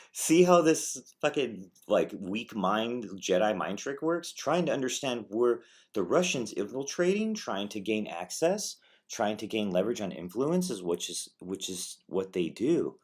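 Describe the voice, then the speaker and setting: A man's voice: lowish voice, sing-song, a little slow, few pauses, slightly rough. A man giving a casual, profane political rant, sarcastic and rambling, who mocks others in put-on voices. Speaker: political commentary vlogger. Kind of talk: casual ranting commentary.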